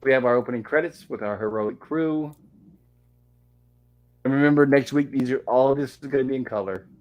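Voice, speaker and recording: A man's voice: mid-range voice, brisk, muffled recording. A man hosting a live stream, chatting casually and reading dialogue aloud with little acting. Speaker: host of a live-streamed show. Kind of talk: casual episode recap, reading lines aloud.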